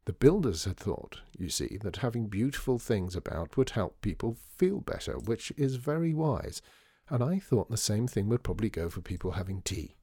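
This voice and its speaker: A man reading Artie, a showy, quick-witted former store boss with a fondness for flourishes, voiced low and close in a dry storybook reading. He sounds amused by his own notoriety. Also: very animated, warm tone, husky, dry recording, full character voice. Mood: enthusing.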